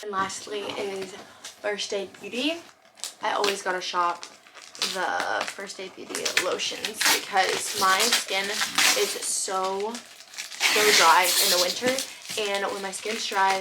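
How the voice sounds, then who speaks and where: A young woman vlogging as she unboxes gifts, gushing and excitable, sometimes dropping to a soft whisper. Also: mid-range voice. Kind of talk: casual unboxing vlog. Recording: noticeable background noise.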